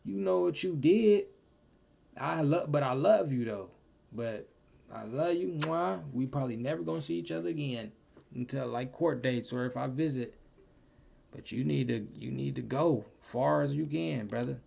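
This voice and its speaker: A young man giving casual, slangy reaction commentary, his voice swinging between loud outbursts and low mutters. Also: moderate pace, vocal fry, a little hiss or hum. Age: young adult. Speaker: reaction streamer.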